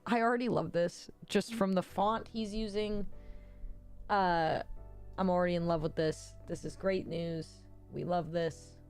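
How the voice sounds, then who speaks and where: Woman streamer chatting casual, lots of vocal fry, cussing a lot, soft music underneath. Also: lowish voice, fairly even intonation. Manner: profane, blunt, quick reactions. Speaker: livestream host. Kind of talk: casual livestream chat.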